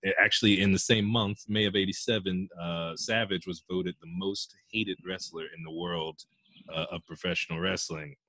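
A man's voice: deep voice, fairly even intonation, moderate pace, pushed and bright, no room sound. A man hosting a casual comedic interview, asking questions with a straight face. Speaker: interview host.

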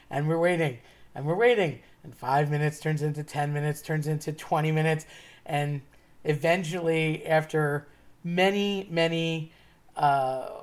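A woman's voice: low-pitched, a little mellow. A woman telling a personal story in a casual, chatty way, wry and often laughing as she talks. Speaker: storyteller host.

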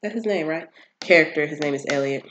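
A person casually recapping a TV series on their own channel, animated and exasperated, with emphatic asides and quick impressions of the characters. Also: mid-range voice, dull audio, a little hiss or hum. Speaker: TV show recapper.

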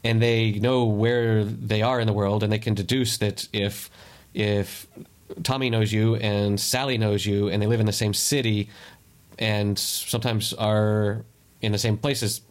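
A man with a fairly low voice chats casually on a podcast. He explains at length, stumbles and restarts his sentences as he goes. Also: flat delivery, unhurried. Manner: rambling, self-correcting, explains at length. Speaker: podcast co-host. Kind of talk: casual chat.

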